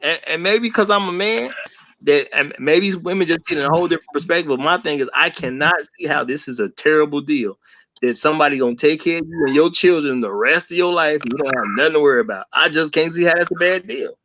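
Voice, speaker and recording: A man co-hosting a casual podcast chat, talking bluntly in animated slang. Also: on the high side, quick pace, rough recording.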